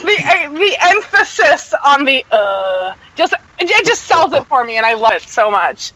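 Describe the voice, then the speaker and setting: A woman co-hosting a podcast in casual chat, enthusiastic and quick to laugh. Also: high voice, very animated, low-quality recording. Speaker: podcast co-host. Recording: loud background noise.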